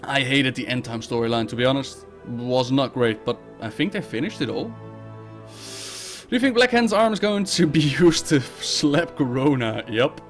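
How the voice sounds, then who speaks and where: A man hosting a live Q&A stream, reading viewer questions aloud and answering them bluntly and briskly. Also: medium pitch, lively intonation, soft background music. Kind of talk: casual live-stream chat.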